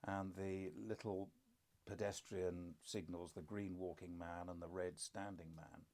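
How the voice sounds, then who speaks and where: Older man with a deep, dry storytelling voice. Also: little pitch movement, measured pace, darkish tone. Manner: dry self-deprecating humour, reflective storytelling. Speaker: podcast co-host, father. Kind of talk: casual conversation.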